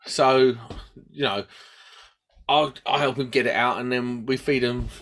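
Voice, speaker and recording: A man's voice: medium pitch, a little slow. A man, telling a story on a podcast he co-hosts and laughing at himself. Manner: animated, acts out quoted voices, laughs at himself. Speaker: podcast host. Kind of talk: casual storytelling chat.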